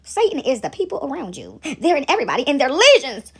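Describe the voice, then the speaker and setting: A woman's voice: sits high, very animated, quick pace, fairly bright tone. A woman vlogger in a casual faith chat, rambling and preachy, talking straight to her viewers.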